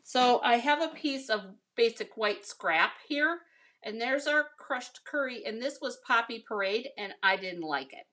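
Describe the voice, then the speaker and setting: A woman's voice: fairly high pitch, animated, measured pace, pushed and bright. An American woman chatting casually with viewers as she demonstrates a card-making project, calling them "you guys" and "honey.". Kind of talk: casual craft tutorial.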